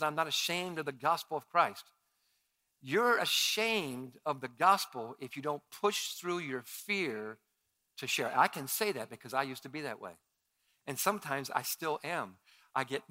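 A man preaching to his church, animated and story-driven, often climbing loud for emphasis. His voice sits fairly high and has a bright, forceful edge. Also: moderate pace. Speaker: pastor. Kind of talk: sermon.

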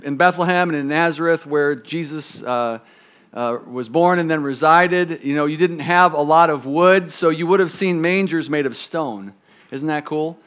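A pastor telling a story and preaching to children, animated, swinging from loud lifts to quiet drops. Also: male voice, fairly high pitch, smooth.

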